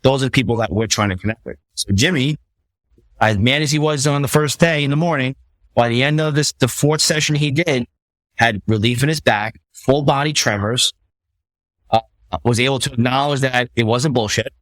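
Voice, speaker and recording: A man's voice: medium pitch, moderate pace, a bit bright, dry recording. A middle-aged man, a retired fire captain, telling stories as a podcast guest in a blunt, profane way, often restarting his sentences. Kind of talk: casual storytelling conversation.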